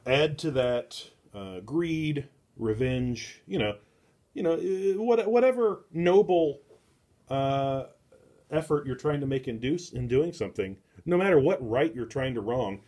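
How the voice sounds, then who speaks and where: Slow, rambling man reviewing comics. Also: medium pitch, a little mellow. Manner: rambling, many filler words and restarts; slow and deliberate. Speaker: book club host.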